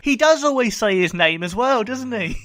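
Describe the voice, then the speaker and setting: A man hosting a comedy podcast with a high-pitched voice, recorded dry and close. He keeps up a teasing, pushy banter, prodding his co-host with one question after another. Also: lively intonation, normal speed, a bit bright, no echo. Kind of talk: casual comedy chat.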